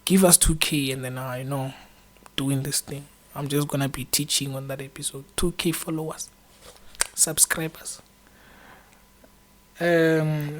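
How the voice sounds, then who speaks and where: A man's voice: a little high, slight background noise. A young man with a slightly raised voice gives casual exam-prep advice straight to his viewers. He sounds encouraging and chatty, wandering between points with plenty of "uh" and "um" along the way. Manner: chatty, encouraging, rambling with many fillers. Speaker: student exam-prep channel host.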